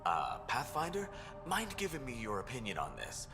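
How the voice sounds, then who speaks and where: A man's voice: medium pitch, wildly swooping pitch, normal speed, sharp tone. An actor voicing a dry, sardonic male colony teacher in a video game. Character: wry male colony schoolteacher. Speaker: game character. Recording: game audio with reverb and music.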